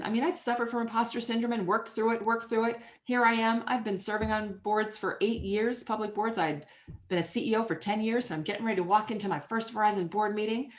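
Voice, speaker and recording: A middle-aged woman answering interview questions as a guest author, telling stories in an emphatic, energetic way. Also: fairly high pitch.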